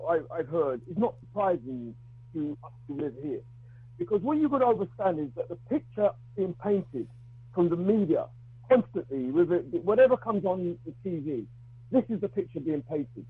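A man phones in to a talk radio show, thin and tinny as a phone line makes him, with a dry sound close to the receiver. His voice sits high for a man and has a husky edge. He talks bluntly but haltingly, often repeating and restarting words as he makes his point. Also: no room sound. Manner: outspoken, argues his view. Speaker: radio call-in caller. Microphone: telephone.

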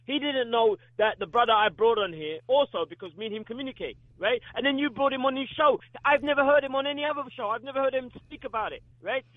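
A man's voice: very high voice, dry recording. A man on a call-in show who speaks in a preacherly, emphatic way and repeats his questions. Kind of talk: call-in discussion. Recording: dry tinny phone line.

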